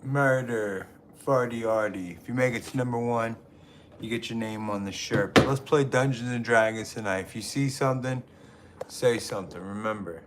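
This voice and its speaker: A man's voice: mid-range voice, normal speed, background noise. A man hosting a live stream, chatting with viewers in a crude, goofy and chaotic way. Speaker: livestream host. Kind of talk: rambling live-stream chat. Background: music.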